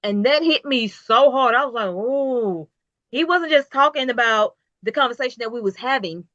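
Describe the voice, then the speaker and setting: Interview guest: woman, business owner, bright, dry dull lo-fi sound, emphatic motivational delivery. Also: on the high side, expressive, moderate pace, dry recording. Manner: emphatic, repetitive, preachy motivational. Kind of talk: casual interview talk.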